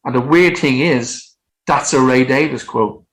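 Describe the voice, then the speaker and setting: A man in his fifties, a songwriter guest telling lively anecdotes in casual chat and acting out what people said. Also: medium pitch, a little slow, low-quality recording. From Ireland. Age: 50s. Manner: animated, acts out quotes, frequent swearing.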